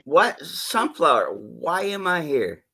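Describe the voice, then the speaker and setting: Joking man with a lively voice. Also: on the high side, takes it slowly, slightly rough, dry recording. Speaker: guest. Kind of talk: casual livestream chat.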